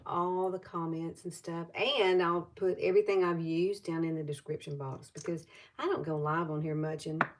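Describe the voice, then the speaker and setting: A woman over fifty with a Southern US accent, chatting loosely through a live makeup tutorial and greeting viewers as she goes. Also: on the low side. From Alabama.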